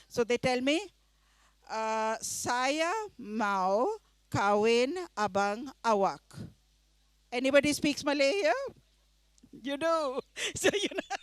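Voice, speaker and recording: A middle-aged woman from India tells a story to a festival audience, acting out what each person said. Her voice sits high and moves a lot. The sound is dry and close, with no room echo. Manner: animated storytelling with quoted voices and laughter. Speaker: author giving a reading. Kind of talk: storytelling talk at a literature festival. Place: festival session before a live audience.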